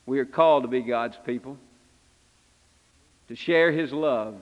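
A man's voice: medium pitch, unhurried, long reverb tail, lo-fi sound, lightly acted. A man preaching in character as Simon Peter, an impulsive, repentant fisherman, telling his story in first person with earnest, confessional feeling. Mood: exhorting. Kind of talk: first-person dramatic sermon monologue.

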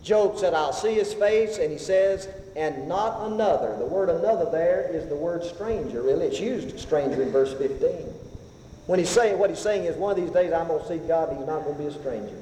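A man preaching a sermon, swinging between loud rising passages and hushed, slow whispers. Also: high voice, lively intonation, slight background noise. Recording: echoey hall, faint ambience.

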